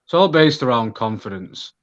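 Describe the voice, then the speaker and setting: A man's voice: mid-range voice, lively intonation, moderate pace. Mancunian man with dull audio. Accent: Manchester. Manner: candid, rambling, many restarts. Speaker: guest. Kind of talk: casual podcast conversation.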